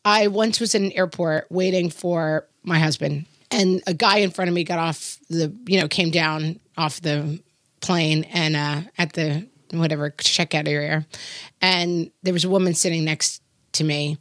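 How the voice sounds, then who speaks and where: A middle-aged woman in easy conversation, storytelling with bursts of acted-out quotes. Her voice sits a little low and the recording is close and dry, with no room sound. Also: steady tone, a little slow, fairly bright tone, no room sound. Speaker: podcast co-host. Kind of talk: casual chat.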